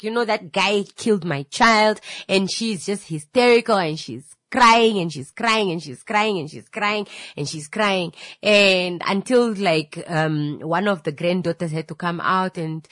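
Animated woman telling a story. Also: on the low side, no echo. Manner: animated, repetitive, with filler words. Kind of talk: casual storytelling.

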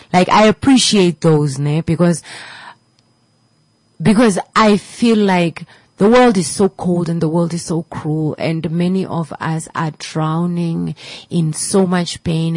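A woman's voice: low-pitched, vocal fry, darkish tone, no echo, low-quality recording. A woman radio host giving a heartfelt motivational talk to her listeners, repeating her points and dropping to a whisper at times. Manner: repetitive, preachy, emotional, drops to a whisper at times.

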